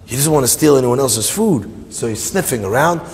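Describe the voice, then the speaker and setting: A man, a rabbi, telling a long joke in a sermon, animated and laughing along with his own story. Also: mid-range voice, moderate pace, vocal fry, slight background noise. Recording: long hall reverb.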